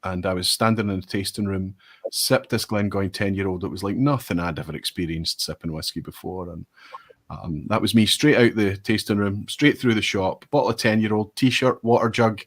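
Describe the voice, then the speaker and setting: A man, a whisky reviewer, telling an animated, self-mocking story in casual chat over a video call. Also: lowish voice, normal speed. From Scotland.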